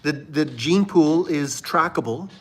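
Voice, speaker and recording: A man's voice: a little high, animated, unhurried, husky. Preachy Canadian man on a livestream. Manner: preachy, swings from fervent to hushed murmur. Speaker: livestream host. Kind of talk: religious livestream commentary.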